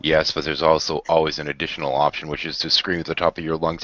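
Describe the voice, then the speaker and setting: A man's voice: extremely low pitch, level tone, quick pace, a bit bright, dry recording, muffled recording. A man hosting a casual group chat show, blunt, joking and profane. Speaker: podcast host.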